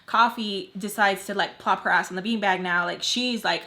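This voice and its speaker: A woman in her twenties telling a casual storytime while doing her makeup, in an animated, slangy way full of fillers. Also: medium pitch, fairly quick, few pauses. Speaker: storytime vlogger.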